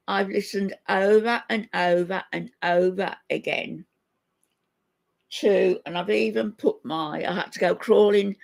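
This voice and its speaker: A woman's voice: mid-range voice, creaky, a little mellow. An older woman hosting a casual livestream, talking to her viewers in an indignant, scolding way. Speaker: livestream host.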